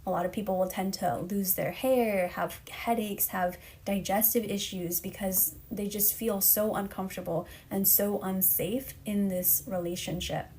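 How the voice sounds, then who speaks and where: An earnest woman coach speaks straight to her listener, steady and encouraging, at a middling pitch. She sounds slightly out of breath as she talks on her live stream. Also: unhurried, few pauses, a little hiss or hum. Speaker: relationship coach. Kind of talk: live-stream advice talk.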